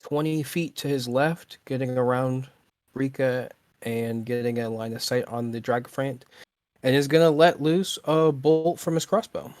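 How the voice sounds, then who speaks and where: Male player, unhurried and deliberate, dry close recording. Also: mid-range voice, level tone, darkish tone, no echo. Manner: deliberate, thinks aloud while planning. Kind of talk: describing his character's actions in a tabletop game.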